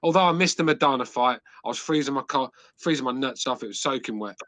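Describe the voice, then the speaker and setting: A middle-aged man with an English accent tells crude, rambling stories on a podcast, swearing at every turn. His voice is bright and forceful. The sound is dry and close, with no room around it. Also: mid-range voice, quick pace, no echo. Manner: swears constantly, rambling anecdotes. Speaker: podcast host. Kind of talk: crude casual chat.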